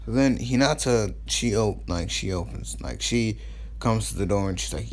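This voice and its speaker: A man's voice: fairly low pitch, normal speed, slight background noise. A man casually retelling a fan story, rambling with lots of fillers. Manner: rambling, full of fillers and restarts.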